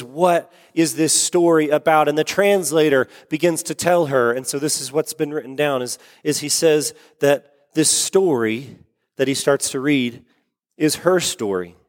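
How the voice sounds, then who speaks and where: A pastor with a slightly high voice preaches at normal speed, earnestly telling a story and repeating words for emphasis. The recording has the long reverb of a large hall.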